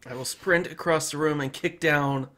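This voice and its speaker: A man playing a tabletop game, talking in an animated, joking way. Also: fairly high pitch, normal speed. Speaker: player. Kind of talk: casual tabletop game play.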